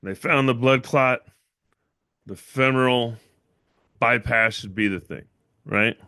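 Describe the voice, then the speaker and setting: Bright, crisp-voiced man telling a story. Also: mid-range voice, takes it slowly, dry recording, clean studio sound. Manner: rambling, repeats himself, fillers like "right?". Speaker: channel owner and livestream host. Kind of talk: casual livestream storytelling.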